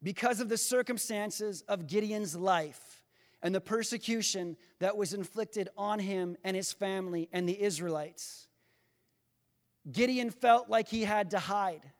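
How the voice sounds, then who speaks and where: High-voiced male pastor in a reverberant hall. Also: measured pace. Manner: rising to impassioned, near-shouting emphasis; addresses the congregation directly. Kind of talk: sermon.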